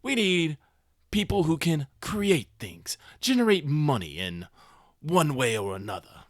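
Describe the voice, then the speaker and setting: A man voicing a scheming male gang leader villain in a gravelly voice, delivering a smug threatening speech. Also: fairly high pitch, very animated, measured pace, no echo, studio quality, voice pushed up. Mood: smug menacing.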